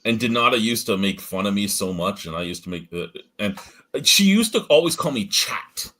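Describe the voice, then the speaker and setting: A man's voice: lowish voice, animated, moderate pace, sharp tone. A man hosting a casual podcast chat, telling profane, laughing stories about old coworkers. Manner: storytelling with profane, laughing asides. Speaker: podcast host.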